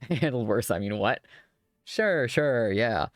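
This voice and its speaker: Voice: mid-range voice, lively intonation, slow, dry recording, studio quality. A streamer reading a romance visual novel aloud live, with giggly, chatty joking asides.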